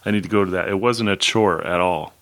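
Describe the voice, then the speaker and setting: A man with a deep, low voice talks through a classic novel in a relaxed chat. He speaks in a measured way with some hesitation, pausing on fillers as he reads out dates. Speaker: book discussion co-host. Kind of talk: casual book chat.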